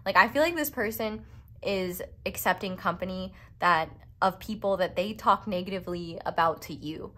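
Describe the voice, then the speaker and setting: A woman's voice: on the low side, bright, forceful tone. A woman giving a casual pick-a-card tarot reading, chatty and rambling with playful, self-mocking asides. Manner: chatty and rambling, full of "like" fillers. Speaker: tarot reader.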